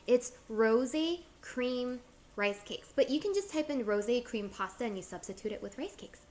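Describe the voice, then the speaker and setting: Woman, high voice, bubbly cooking-stream chatter, faint room ambience. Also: lively intonation, normal speed, darkish tone, a little hiss or hum. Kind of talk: casual cooking livestream chat.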